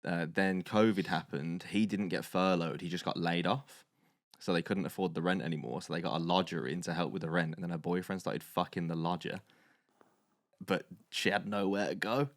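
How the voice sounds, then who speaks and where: A young man, co-hosting a podcast, telling a story casually and animatedly, swearing and loudly acting out quotes. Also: deep voice, steady tone, moderate pace, dry recording, clean studio sound. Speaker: podcast co-host.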